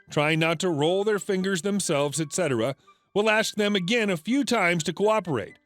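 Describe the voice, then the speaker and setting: Guy narrating a reddit story, kinda high voice, soft music behind. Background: faint background music.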